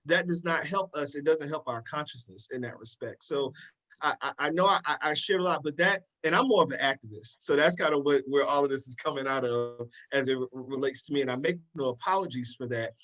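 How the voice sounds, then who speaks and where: Impassioned preacherly man, higher pitch. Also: a little fast, fairly bright tone, poor audio. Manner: repeats "in that respect". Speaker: panel guest speaker. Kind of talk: live panel discussion.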